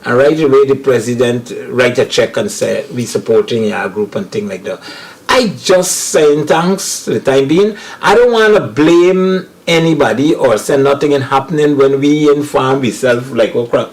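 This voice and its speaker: A man's voice: mid-range voice, lively intonation, moderate pace, rough recording. A Guyanese man, a comedian guest, talking earnestly in a casual panel chat and often restarting his sentences.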